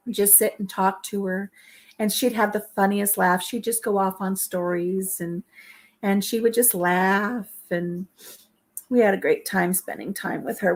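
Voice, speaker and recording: A middle-aged woman hosting a casual home kitchen vlog, talking through tears as she shares memories. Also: mid-range voice. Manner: tearful, speaks through crying. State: crying. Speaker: vlog host. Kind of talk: casual chat while baking.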